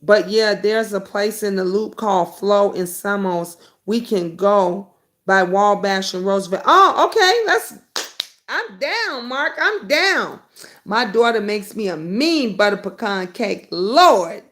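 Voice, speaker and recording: A middle-aged woman hosting a casual live stream, chatting with viewers by name and breaking into high, excited bursts. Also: unhurried. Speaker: livestream host.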